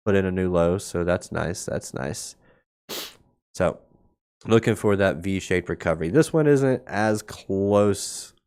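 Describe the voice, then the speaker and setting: Male livestream market host, lowish voice, sarcastic and blunt, thinking aloud, slight cough. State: coughing now and then. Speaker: crypto market show host. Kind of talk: casual livestream market commentary.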